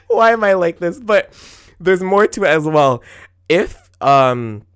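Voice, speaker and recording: A man in his twenties hosting a solo podcast, talking casually in an animated, exclamatory way, laughing often and acting out his own retorts. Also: high-pitched, slow pace, clean tone. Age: 20s. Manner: acts out his own retorts in quoted asides. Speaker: podcast host.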